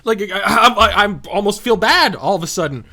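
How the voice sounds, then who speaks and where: A man as host telling a profane, animated story with laughter while playing a game. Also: high-pitched, a little fast. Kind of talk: casual storytelling while gaming.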